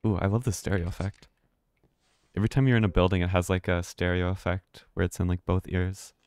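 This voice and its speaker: Low-voiced man rambling over gameplay. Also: flat delivery, brisk, a little mellow, no echo. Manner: rambling, chatty, swears and laughs often. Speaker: streamer. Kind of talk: casual live gameplay commentary.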